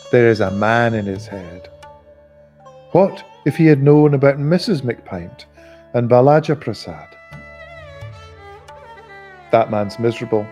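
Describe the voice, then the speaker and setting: A man reading a novel aloud in a live reading, expressive and giving the characters voices. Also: mid-range voice. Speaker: audiobook reader.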